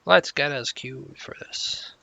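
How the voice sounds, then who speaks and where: A man's voice: mid-range voice, slow pace, vocal fry, bright, forceful tone. A man casually commenting on his gameplay with rambling, self-mocking jokes. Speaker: game streamer.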